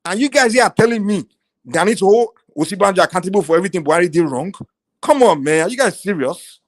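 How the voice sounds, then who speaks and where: A Nigerian man giving passionate political commentary on a live talk stream. He is animated, often restarts, and mixes in Pidgin phrases. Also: high voice, fast, no echo. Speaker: panel participant.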